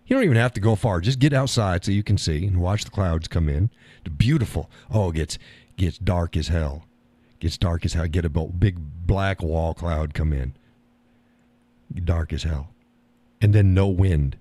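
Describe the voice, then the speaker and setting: A man's voice: deep voice, lively intonation, normal speed, dark tone, no room sound. A man hosting a live stream, chatting casually and reading comments from his chat, swearing easily and laughing often.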